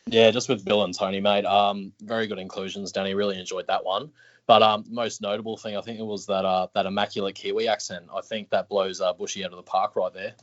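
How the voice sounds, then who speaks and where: A man's voice: lowish voice, level tone, a little fast. A man co-hosting a casual podcast, ribbing a co-host in a dry way. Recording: dull lo-fi podcast audio.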